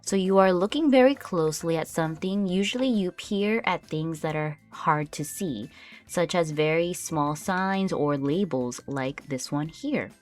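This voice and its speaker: A woman teaching English vocabulary in a slow, clear lesson, patiently explaining each word with example sentences. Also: sits low, faint music behind.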